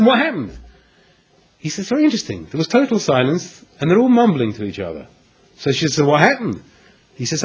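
Husky, lively man telling a story. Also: high-pitched, poor audio. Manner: animated storyteller acting out dialogue with dramatic pauses. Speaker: Torah teacher. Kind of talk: storytelling Torah lecture.

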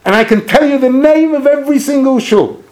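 A man voicing a frail ninety-year-old rabbi who talks in a soft, slow, low murmur. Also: expressive, heavy background noise, natural voice. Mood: reflective.

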